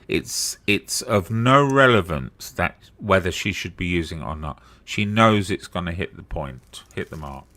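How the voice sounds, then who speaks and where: Deep man teasing in mock-formal tones. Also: lively intonation, moderate pace, hardly any pauses, bright, forceful tone. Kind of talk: casual chat.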